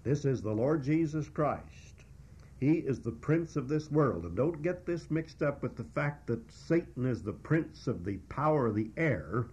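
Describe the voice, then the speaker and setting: A man preaching a verse-by-verse Bible exposition, teaching in a measured, emphatic way with frequent "uh" pauses. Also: mid-range voice, big pitch swings, a little mellow, breathy edge. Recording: dull lo-fi recording.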